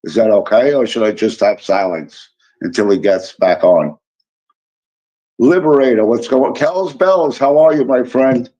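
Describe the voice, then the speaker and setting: Chatting with his viewers on a relaxed live stream, this Illinois host reads their comments and greets them by name with some teasing. He speaks at a medium pitch, a touch slowly, in a mellow voice, and the audio has a dull lo-fi quality.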